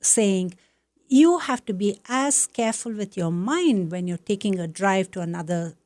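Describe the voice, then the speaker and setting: A woman's voice: mid-range voice, expressive, a little slow, darkish tone, dry recording. A woman from South India, a Buddhist nun and interview guest, speaking encouragingly about meditation. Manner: affirming, encouraging, teacherly. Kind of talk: conversational interview.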